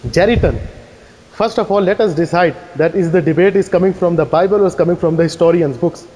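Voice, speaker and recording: A man giving a fast, insistent debate rebuttal, firing challenging questions at his opponent. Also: sits high, warm tone. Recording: echoey hall reverb.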